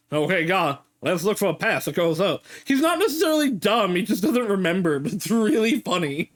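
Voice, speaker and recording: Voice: mid-range voice, sing-song, fairly quick, hardly any pauses, faint music behind. Playful, chatty game streamer. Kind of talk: live game playthrough commentary.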